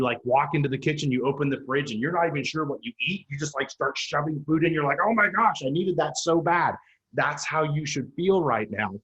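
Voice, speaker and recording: A man in his forties, a real estate coach, giving a motivational talk to agents. He speaks in punchy, emphatic lines, repeats key points for effect, and jumps high and loud when he quotes people.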